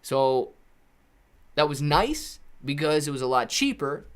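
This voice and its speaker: A man's voice: a little high, big pitch swings, unhurried, smooth. A man hosting a live stream Q&A, talking in a rambling, conversational way and often correcting himself, in a small room at home. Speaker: livestream host.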